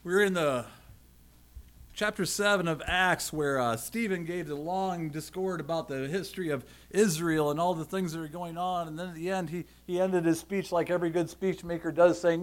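A man preaching a conversational sermon, reading scripture aloud and acting out scenes with lively asides. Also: a little high, moderate pace. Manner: animated, conversational, acts out scenes. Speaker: pastor.

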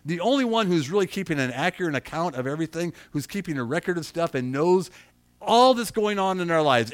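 A middle-aged man preaching a sermon, animated, acting out quotes and asking his congregation questions. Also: high voice, dry recording. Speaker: pastor.

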